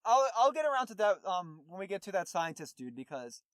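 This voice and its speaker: A man with a fairly high voice chatting on a podcast, recapping a movie in a rambling way full of fillers and restarts. He is recorded close and dry, with no room sound. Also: sing-song, brisk, a bit bright, smooth, no echo. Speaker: podcast co-host.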